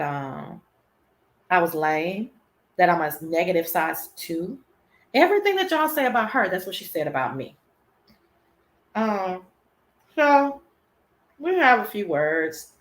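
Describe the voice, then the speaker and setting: A woman hosting her own show, telling gossip in a casual, animated, profane and sassy way. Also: lowish voice, roomy sound. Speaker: show host.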